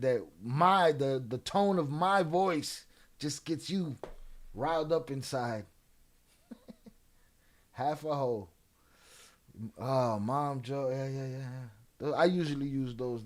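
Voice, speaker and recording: A man hosting a livestream, taunting and trash-talking trolls in the chat in a drawling, streetwise way. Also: medium pitch. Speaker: livestream host. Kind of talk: live-stream chat with viewers.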